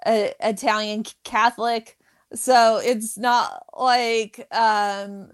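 A woman comedian who stutters, giving candid, animated answers in an interview and laughing often. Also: on the high side, slow pace, clean tone. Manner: stutters, with repeated sounds.

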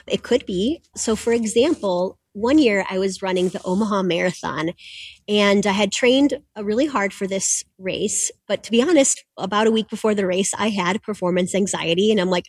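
Mid-pitched woman coach guest, upbeat and instructive, in a dry, dead-sounding room. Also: normal speed, slightly rough, no room sound. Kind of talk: explaining techniques in an interview.

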